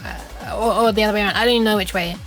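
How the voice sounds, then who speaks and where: A young woman streams a game and chats casually, rambling, giggling, interrupting herself, and restarting a lot. Her mid-range voice is rapid-fire, a bit bright, with fairly even intonation, and faint music plays behind her.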